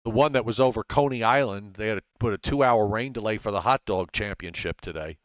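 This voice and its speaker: A man hosting a live weather show, talking in a relaxed way with many fillers. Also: on the low side, brisk, clear, resonant tone, dry recording, dull audio. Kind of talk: live weather broadcast chat.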